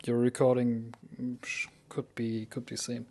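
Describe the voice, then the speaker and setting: Mid-pitched man wrapping up a podcast. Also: monotone, a little slow, warm tone. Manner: short replies, plain sign-off pitch. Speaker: podcast co-host. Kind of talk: casual podcast chat. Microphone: online call setup.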